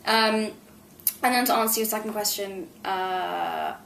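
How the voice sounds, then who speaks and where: A woman's voice: mid-range voice, measured pace, vocal fry, fairly bright tone, a little hiss or hum. A young adult woman, an actress, talking chattily and effusively as a guest in a candid press interview. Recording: roomy echo.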